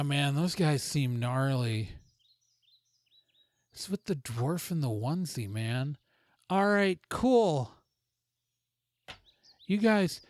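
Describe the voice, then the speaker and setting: A man's voice: medium pitch, a little mellow, dry recording. A man running a tabletop game as game master, narrating in a rambling way full of fillers and restarts. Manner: rambling, self-interrupting narration with many fillers.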